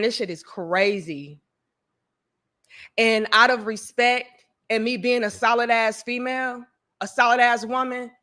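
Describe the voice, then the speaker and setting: With a sharp tone in a voice on the high side, a vlogger vents directly to her viewers, whom she calls "y'all." Her words are blunt, laced with profanity and openly emotional.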